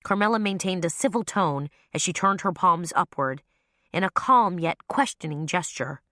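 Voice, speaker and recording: A woman narrating an audiobook with lively storytelling. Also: on the low side, normal speed, dry recording, studio quality. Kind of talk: scripted narration.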